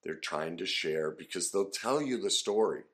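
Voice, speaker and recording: Deep-voiced man teaching listening skills. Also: animated, normal speed, fairly bright tone. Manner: earnest, conversational, with fillers and restarts. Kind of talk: casual instructional talk to camera.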